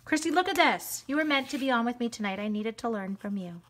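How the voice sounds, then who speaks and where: A woman hosting a live craft stream, chatting to viewers as she colors, quick to gush and laugh. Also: on the high side, noisy background. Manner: chatty, excitable, talks to viewers while coloring.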